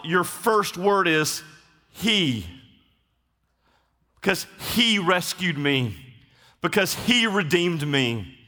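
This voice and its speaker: A pastor preaching a sermon, moving from easy storytelling to fervent, pressing emphasis. His voice is bright and forceful, and a long reverb rolls after it through a large hall. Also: high voice. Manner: storytelling, rising to impassioned emphasis.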